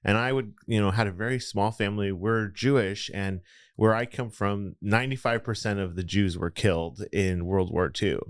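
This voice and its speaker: A man's voice: on the low side, steady tone, moderate pace, clear, resonant tone, no room sound, clean studio sound. A man, telling his story as a podcast guest in a reflective, rambling way. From Los Angeles area. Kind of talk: casual interview storytelling.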